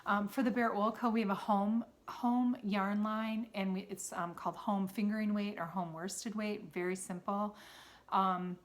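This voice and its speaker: A woman's voice: mid-range voice, steady tone, normal speed. Chatty Wisconsin woman knitting host. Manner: chatty, rambling, with many ums and restarts. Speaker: knitting podcast host and yarn seller. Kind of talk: casual show-and-tell chat.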